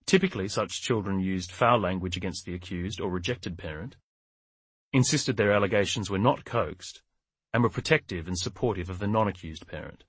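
A man reads a crime novel aloud in a steady, measured manner, his voice lowish and husky. The recording is close and dry, with no room sound. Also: no echo. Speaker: audiobook narrator. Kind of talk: scripted narration.

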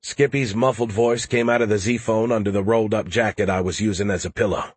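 A man's voice: lowish voice, steady tone, a little fast, slightly rough, no echo. A man narrating a first-person audiobook with a wry, dry-humored delivery.

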